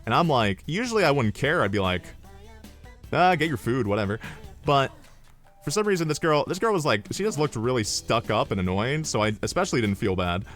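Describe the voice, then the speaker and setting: A young man streaming, telling stories in an animated, rambling way, swearing and drifting into asides. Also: medium pitch, a little fast, soft background music. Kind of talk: casual storytelling on a livestream.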